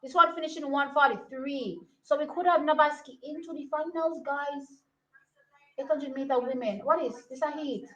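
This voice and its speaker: A young woman talks through a track race as it happens. She sits high in her register, repeats herself and thinks aloud in a chatty, excitable way. The audio is slightly dull and lo-fi. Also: normal speed. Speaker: track and field watch-along host. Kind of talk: casual live race commentary.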